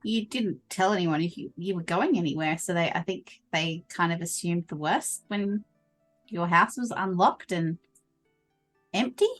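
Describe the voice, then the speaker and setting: A woman's voice: lowish voice, unhurried, soft background music. A woman playing a tabletop game, talking casually and explaining things to the table. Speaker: player. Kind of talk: tabletop role-play.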